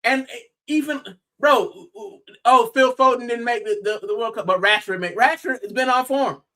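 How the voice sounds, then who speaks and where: Young American male co-host, bright forceful tone, excitable, chatty sports banter. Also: extremely high pitch, moderate pace. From United States. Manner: animated, exclaiming, says bro often. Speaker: podcast co-host. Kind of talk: casual football chat.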